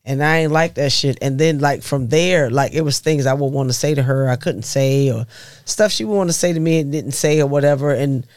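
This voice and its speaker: A middle-aged woman, a mother, telling family stories in a casual, animated way, swearing freely and laughing as she goes. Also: rumbling low, brisk, no echo. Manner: animated, profane storytelling with laughs. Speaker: mother of the guests, podcast guest.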